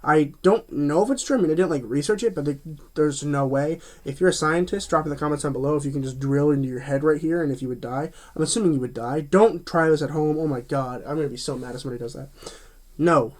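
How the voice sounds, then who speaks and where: Chatty, higher-pitched male movie reviewer. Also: fast talker, a little mellow. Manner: chatty, frequent fillers and restarts. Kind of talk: casual spoken review.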